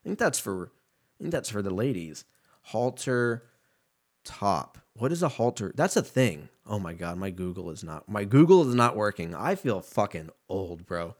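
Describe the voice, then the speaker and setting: Profane rambling man with lively pitch. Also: moderate pace. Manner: loose, profane, jumps between tangents. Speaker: podcast host. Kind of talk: casual rambling monologue.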